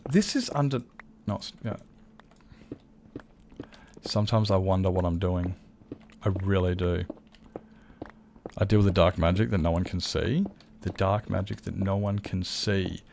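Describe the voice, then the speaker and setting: A man's voice: low voice, a little slow, vocal fry, long pauses, darkish tone, a little hiss or hum. A man chatting casually to viewers while streaming a game, rambling, swearing freely and correcting himself mid-sentence. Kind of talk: casual live-stream chat.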